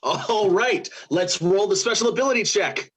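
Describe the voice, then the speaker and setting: Man game master, bright husky voice, higher pitch, loose improv narration. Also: normal speed.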